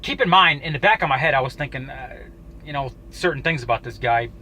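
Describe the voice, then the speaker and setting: A man telling a personal story to camera in a casual, halting way, swearing often and restarting his sentences. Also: mid-range voice, animated, bright, forceful tone, a little hiss or hum, low-quality recording. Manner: profane, halting, with frequent restarts. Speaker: YouTuber.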